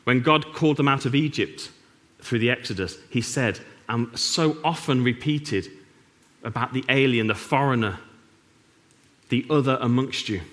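A man preaching a sermon, earnest with dry humour and emphatic pauses, in a church. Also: mid-range voice, fairly bright tone.

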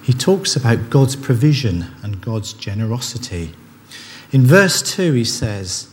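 The preacher has a mid-range voice that is animated yet slow-paced and a little mellow. Speaking earnestly and conversationally, he keeps starting his sentences over, and the long reverb of the church hall, faint ambience, and slight background noise surround him.

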